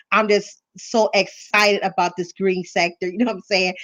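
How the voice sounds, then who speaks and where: A woman's voice: mid-range voice, fairly even intonation, normal speed, few pauses, a bit bright, lo-fi sound. Nervous, chatty middle-aged woman host. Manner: nervous, apologetic and chatty, many ums and you-knows. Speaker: YouTube live-stream host. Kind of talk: casual livestream chat.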